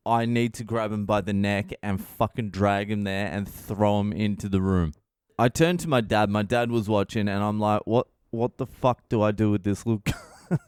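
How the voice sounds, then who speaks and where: A middle-aged man telling a profane comic story as a podcast host, exasperated and building to shouted rants. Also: mid-range voice, clean tone, no echo, clean studio sound.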